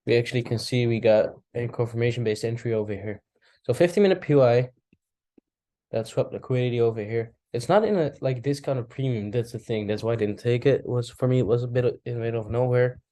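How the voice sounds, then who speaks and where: A man casually talking through a chart recap, thinking aloud with relaxed asides. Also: mid-range voice. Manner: relaxed, talks to himself while charting, asides and apologies. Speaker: trading recap host. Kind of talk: casual screen-share commentary.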